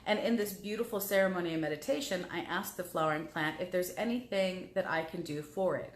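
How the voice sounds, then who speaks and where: A woman's voice: on the low side, brisk, hardly any pauses, reverberant. A woman guest on a talk show, telling personal stories in a heartfelt way and repeating words as she remembers. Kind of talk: personal storytelling.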